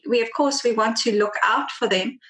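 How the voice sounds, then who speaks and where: A woman podcast guest speaking in a reflective, measured conversational way. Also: fairly high pitch, fairly bright tone, roomy sound.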